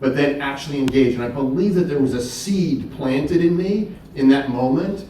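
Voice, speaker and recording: Recorded from a distance in an echoey church hall, a middle-aged keynote speaker gives a faith-based talk, telling stories earnestly and repeating words for emphasis. He has a medium-pitched, dark voice at a moderate pace, with slight background noise.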